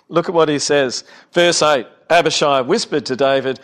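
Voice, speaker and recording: Man, middle-aged, Bible study speaker, emphatic, questioning, slightly high-pitched. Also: moderate pace, few pauses, a bit bright. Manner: earnest, emphatic, asks the audience questions. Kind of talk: expository Bible talk.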